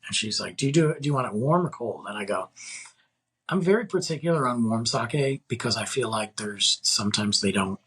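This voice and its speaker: A man's voice: medium pitch, lively intonation, a little fast, fairly bright tone, breathy edge. A man in his forties casually telling a dating story on his podcast, rambling with lots of filler words and acting out both sides of the conversation. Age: 40s. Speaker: podcast host. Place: Texas.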